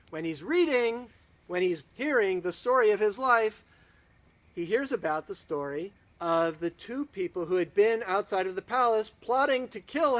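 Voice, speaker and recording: Male rabbi narrator, dramatic storyteller; high, animated, slow. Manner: dramatic, drops to near whispers and swells. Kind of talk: storytelling to a congregation online.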